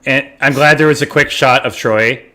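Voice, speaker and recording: A man co-hosting a podcast, chatting casually about a TV episode, talking in halting, rambling stretches. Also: mid-range voice, steady tone, sharp tone. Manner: rambling, halting, many fillers and restarts. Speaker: podcast co-host. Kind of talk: casual chat recapping a TV episode.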